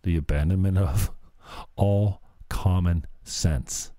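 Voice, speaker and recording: A man's voice: sits low, steady tone, slow pace, dark tone, no room sound. A man hosting a sarcastic commentary show, mocking the clips he plays. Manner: sarcastic, jeering. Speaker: commentary host.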